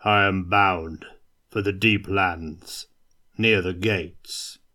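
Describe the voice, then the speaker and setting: A man voicing a brutish, beast-changed male warrior with a deep, gruff, growling voice. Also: steady tone, pushed and bright, heavily acted. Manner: growling, slow.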